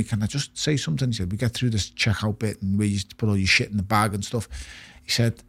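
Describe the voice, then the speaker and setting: A man's voice: lowish voice, slightly rough, no room sound. A middle-aged man, a retired boxer talking candidly in an interview, blunt and swearing. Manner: blunt, swears often, repeats words when emphatic. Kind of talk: candid podcast conversation.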